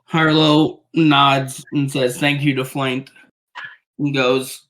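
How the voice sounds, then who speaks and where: Tabletop player, slow and descriptive. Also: mid-range voice, flat delivery, fairly bright tone, rough recording. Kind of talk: casual tabletop play.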